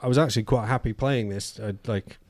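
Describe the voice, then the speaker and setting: A man's voice: medium pitch, fairly quick, a little mellow, no room sound. A man from the UK, a podcast co-host, talking through ideas in casual discussion and reading quotes aloud. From United Kingdom. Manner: thoughtful, reads quotes aloud, frequent restarts.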